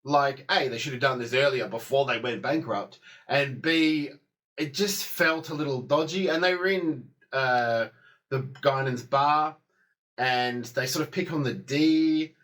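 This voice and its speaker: A man's voice: mid-range voice, a little slow, fairly bright tone. A man giving a casual spoken review of a TV episode, rambling, with many fillers and restarts.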